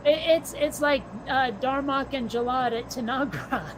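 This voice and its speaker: A woman chatting casually in an online group call, joking and quick to poke fun at herself. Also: high voice, steady tone, slight background noise, low-quality recording. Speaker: chat participant.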